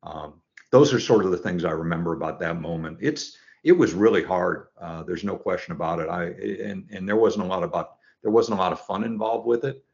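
A man's voice: low-pitched, fairly quick, vocal fry, darkish tone. A man in his sixties, a football coach, telling his story in an earnest, reflective way as an interview guest. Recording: dull lo-fi sound.

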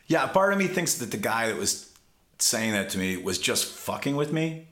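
A man's voice: medium pitch, normal speed. A man in casual podcast chat, telling stories with lots of energy and plenty of swearing. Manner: animated storyteller, swears freely. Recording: roomy echo.

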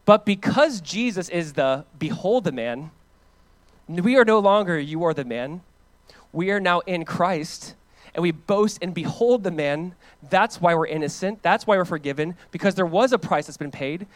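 With a high voice at normal speed, this U.S. pastor gives a sermon that feels conversational and animated. He moves between loud emphasis and hushed lines, repeating phrases to drive points home, and the recording has no room sound.

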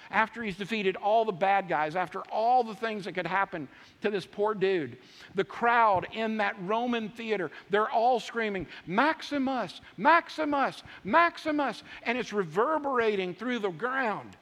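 High-voiced preacher man in a reverberant hall. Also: normal speed. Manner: emphatic, repetitive preaching with swings from loud to hushed. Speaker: pastor. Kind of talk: sermon.

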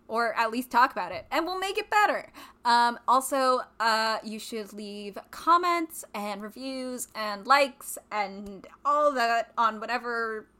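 A woman's voice: a little high, bright, forceful tone. Chatty young woman podcast co-host. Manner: chatty, rambling, giggly. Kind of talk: casual podcast chat.

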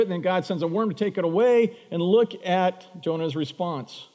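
A male pastor delivers a sermon with a somewhat high voice. He brings the story to life by acting out its characters. His voice rings out with the long reverb of a large hall. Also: normal speed. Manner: animated, acts out voices of Bible figures.

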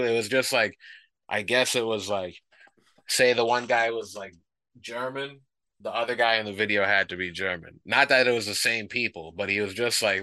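Podcast co-host, man, bright lowish voice, animated storyteller, dry close sound. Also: normal speed, no room sound. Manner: animated storyteller, acts out quotes. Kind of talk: casual chat.

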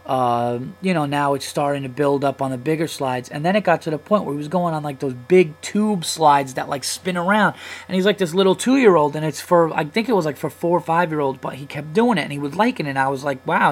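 A man's voice: fairly high pitch, brisk, low-quality recording. A man in his thirties hosting a comedy podcast, telling a long story in a casual, profane, heated way. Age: 30s. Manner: profane, heated, animated retelling.

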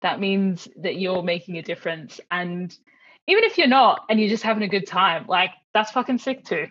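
A woman, an author on as a guest, chatting in a relaxed, sweary way and laughing often. Her audio sounds a little dull and lo-fi. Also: fairly low pitch, moderate pace. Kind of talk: casual chat.

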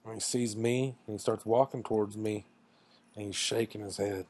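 A low-pitched man rambles through a crude personal anecdote, mocking himself as he goes. His delivery is loose and casual, full of asides. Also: fairly even intonation, normal speed, a little mellow, husky. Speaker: storyteller. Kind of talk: casual comic storytelling.

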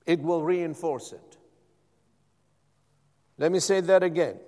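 A man's voice: fairly high pitch, slow pace, warm tone. A male pastor preaching a sermon, drawing the congregation in with repeated calls of "Amen?". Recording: long hall reverb.

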